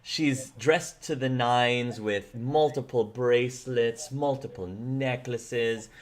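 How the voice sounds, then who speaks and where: A man's voice: mid-range voice, fairly even intonation, takes it slowly. A man acting as game master, narrating scenes loosely and descriptively, with frequent restarts.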